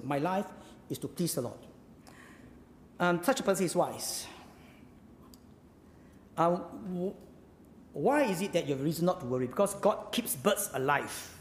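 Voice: medium pitch, slight background noise. Emphatic preacher in an echoey hall. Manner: emphatic, rhetorical questions, swings between loud and hushed. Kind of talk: sermon. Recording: echoey hall with long reverb.

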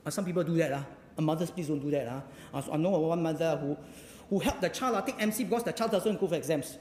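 A man's voice: a little high, fast talker, few pauses, a little hiss or hum. A man with a Singaporean English accent, preaching a sermon and firing rhetorical questions at his congregation. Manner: animated, asks the audience rhetorical questions. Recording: echoey hall with faint ambience.

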